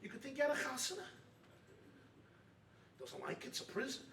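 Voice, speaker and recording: A man preaching as a rabbi at a retreat, impassioned, swinging from loud calls to hushed lines and mixing in Yiddish and Hebrew terms. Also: very high voice, huge pitch swings, fairly quick, vocal fry, slight background noise. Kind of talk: sermon with storytelling. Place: hall at a weekend retreat. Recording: roomy, distant mic with faint ambience.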